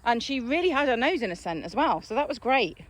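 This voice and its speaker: Lively woman dog trainer outdoors. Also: a little fast. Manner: upbeat, praising dogs in high sing-song bursts. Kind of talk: casual vlog chat while training dogs outdoors. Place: outdoors on a walk.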